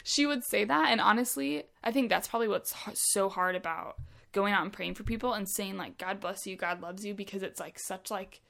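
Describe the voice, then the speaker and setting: A woman's voice: medium pitch, brisk, vocal fry, fairly bright tone. A young woman telling a story in casual chat, chatty with many fillers.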